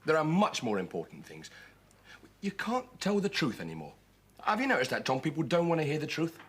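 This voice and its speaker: An actor playing Wilfred, a self-pitying grown son who runs a theatre, in 1970s TV sitcom acting. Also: male voice, on the high side, wildly swooping pitch, a little fast, fairly bright tone, breathy edge, exaggerated voice. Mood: worried. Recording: noisy old TV soundtrack.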